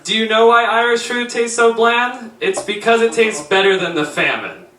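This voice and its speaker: High-voiced man doing stand-up in an echoey theater. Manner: punchy, teasing, quick joke delivery. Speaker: stand-up comedian. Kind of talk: stand-up comedy set with crowd work. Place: small theater stage. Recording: echoey theater, distant, loud noise.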